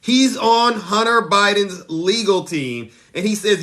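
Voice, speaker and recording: Brief: male streamer, satirical monologue, mock-earnest, slightly high, bright tone. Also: slow, few pauses. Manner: mock-earnest, animated, rising excitedly when retelling. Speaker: live stream host.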